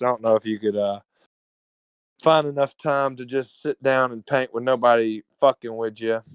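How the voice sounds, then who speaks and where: A man with a Southern Alabama drawl chats as a podcast guest in a loose, jokey, profane way. His voice is smooth and resonant. The sound is close and dry. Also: mid-range voice, fairly bright tone, no echo, poor audio. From Evergreen, Alabama, US. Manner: laid-back, profane, slangy, jokey. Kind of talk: casual conversational storytelling.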